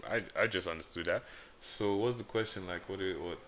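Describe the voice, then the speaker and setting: A young man from Africa co-hosting a casual podcast, asking questions as he slowly catches on. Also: low voice, fairly bright tone, slight background noise. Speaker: podcast co-host.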